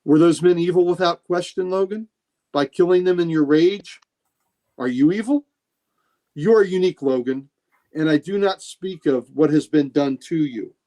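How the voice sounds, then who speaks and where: A man's voice: a little high, moderate pace, pitched above the performer's own voice, natural voice. Nightcrawler, a man doing a raised earnest voice. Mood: earnest, searching. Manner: soft-spoken, questioning, philosophical. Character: gentle, earnest ex-priest male mutant.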